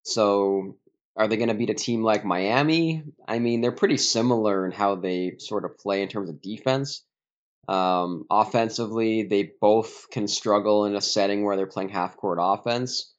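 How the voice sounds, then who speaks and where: Over a dull remote call line, a man joins a sports podcast as a guest for some casual chat. He thinks out loud as he walks through his picks, measured and hedging, in a voice on the low side.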